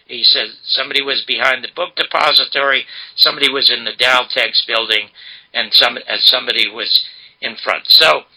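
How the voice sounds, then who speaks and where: An older man, a guest in an interview, retelling a story emphatically and dramatically in a gravelly, husky voice. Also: mid-range voice, steady tone, moderate pace, pushed and bright, low-quality recording. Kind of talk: animated storytelling.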